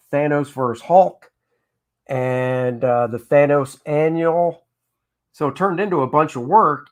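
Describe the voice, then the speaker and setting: An older man who inks comics, casually telling stories of his work on a live drawing stream and reading out viewer comments. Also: fairly high pitch. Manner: chatty anecdotal storyteller, reads out chat comments. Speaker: comic book inker hosting a drawing stream.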